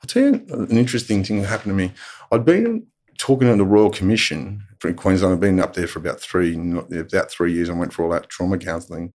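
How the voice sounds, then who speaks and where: A man's voice: low voice, animated, fairly quick, a little mellow. A middle-aged Australian man telling stories in a blunt way, swearing freely as he talks. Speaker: guest telling prison stories. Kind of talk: casual storytelling.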